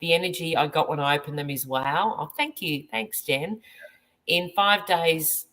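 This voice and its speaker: A woman's voice: sits low, moderate pace, a bit bright, rough recording. An Australian woman hosting a casual chat as a medium, reading viewer comments aloud and laughing often. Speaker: medium and host.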